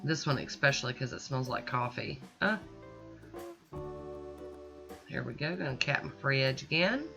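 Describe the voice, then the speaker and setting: A woman's voice: extremely low pitch, expressive, moderate pace, gravelly, pauses often. A woman narrating her nail art tutorial in a chatty, upbeat way, teasing herself now and then. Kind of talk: casual voice-over tutorial. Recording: slightly dull audio with faint guitar music.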